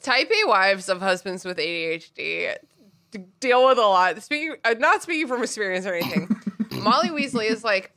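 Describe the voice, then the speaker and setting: A woman co-hosting a podcast in casual chat, animated and laughing, swearing freely. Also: medium pitch, brisk. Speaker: podcast co-host.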